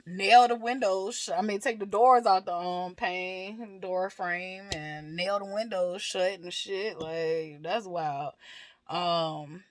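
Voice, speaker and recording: Candid low-voiced woman vlogger. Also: slow, no echo. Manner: frank and profane, laughs often, trails off with fillers. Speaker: mother. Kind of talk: candid personal talk to camera.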